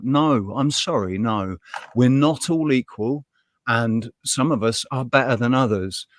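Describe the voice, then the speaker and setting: A man's voice: mid-range voice, a little slow, no echo, clean studio sound. A man co-hosting a casual live podcast chat, ranting bluntly with frequent swearing, laughing often and restarting his sentences. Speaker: podcast co-host.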